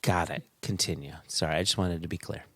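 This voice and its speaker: A man's voice: sits low, fast, a bit bright, no echo, clean studio sound. A man co-hosting a whisky podcast, teasing and playful in casual chat. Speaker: podcast co-host. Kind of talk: casual banter.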